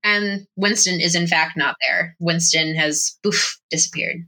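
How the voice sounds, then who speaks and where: A woman narrating as game master of a tabletop game, animated and slipping into quick character voices. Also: lowish voice, poor audio.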